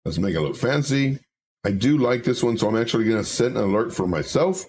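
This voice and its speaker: A man with a medium-pitched, darkish voice talks in an animated, fairly quick way, with a faint hiss or hum behind him. He's hosting a casual livestream, chatting with viewers, reading their comments aloud, and walking through charts while often repeating himself.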